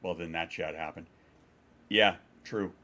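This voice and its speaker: Low-voiced man chatting casually on stream. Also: steady tone, unhurried, pushed and bright. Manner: rambling, swearing, reads chat aloud. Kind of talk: casual chat with live chat.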